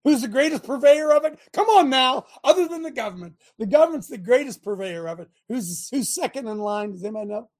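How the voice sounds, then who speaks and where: Lively husky-voiced preaching male host. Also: very high voice, quick pace, few pauses. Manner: animated, sermonizing, mocking, asks the audience questions. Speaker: talk show host. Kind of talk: preachy talk show commentary.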